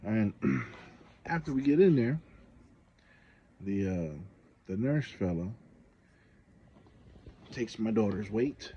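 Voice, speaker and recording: A man's voice: on the low side, sing-song, takes it slowly, long pauses, warm tone, muffled recording, a little hiss or hum. A man, a parent, talking to his viewers in a casual vlog monologue, telling a story with exasperated, indignant emphasis. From Samoa. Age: adult parent. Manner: frequent fillers and restarts, conversational. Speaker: channel host.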